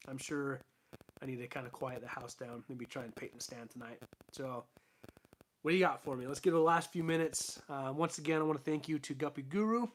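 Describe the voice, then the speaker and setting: A young man casually chatting on a late-night live stream from his fish room at home, rambling with lots of fillers and restarts, his voice starting to go hoarse. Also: medium pitch. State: losing his voice. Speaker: aquarium channel host.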